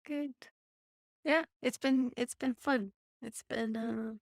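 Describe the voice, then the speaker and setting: A woman podcast host with a fairly high voice talks very slowly and easily. She chats in a friendly way over a video call with headphones, often letting her words trail off softly. The sound is dry and close. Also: fairly even intonation, creaky, dry recording. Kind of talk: casual chat.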